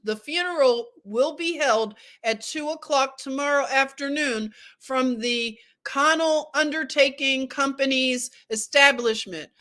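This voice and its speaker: Woman reading a book out loud real slow for her viewers, stops to chat and joke, voice sits kinda high. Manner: reads aloud slowly, breaking off to joke with viewers. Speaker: host. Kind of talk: casual book discussion, reading aloud.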